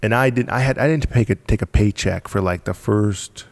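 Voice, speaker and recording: In a creaky voice on the low side, a podcast guest recounts starting his business at a moderate pace, with no echo. His casual story is emphatic, laced with repeated words and lots of laughs.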